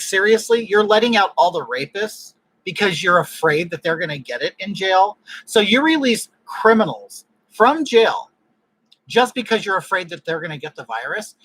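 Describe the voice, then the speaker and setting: A man's voice: fairly high pitch, fairly bright tone, husky, rough recording. A man from California hosting a casual livestream chat, ranting bluntly with strong opinions. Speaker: livestream host.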